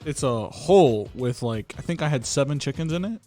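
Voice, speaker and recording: A man co-hosting a casual podcast, making dry, deadpan jokes. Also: medium pitch, brisk, faint music behind.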